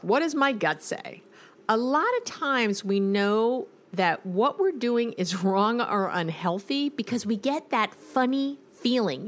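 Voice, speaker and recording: A chatty woman therapist giving advice. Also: mid-range voice. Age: middle-aged or older. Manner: conversational, lists words slowly, quotes clients animatedly. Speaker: therapist podcast host. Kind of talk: casual advice podcast monologue.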